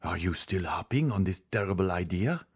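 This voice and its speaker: A man's voice: low-pitched, lively intonation, moderate pace, slightly rough, no room sound, clean studio sound. A man voicing an anxious male magistrate in a storybook, asking urgent, alarmed questions.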